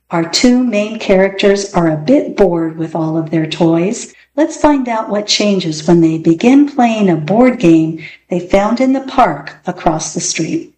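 Woman storyteller, picture-book read-aloud, gentle and clear; roomy echo, faint hiss. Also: lowish voice, animated, unhurried, hardly any pauses. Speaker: storyteller reading picture books.

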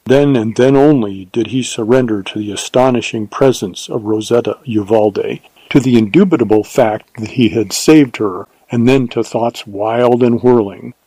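A man narrating an audiobook novel in a measured, unhurried storytelling manner. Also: medium pitch, warm tone, husky, no echo, poor audio.

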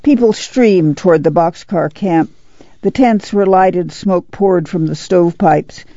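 A man narrating a novel aloud in a steady, even storytelling voice. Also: high voice, measured pace, no room sound, dull audio. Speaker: audiobook narrator. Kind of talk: scripted narration.

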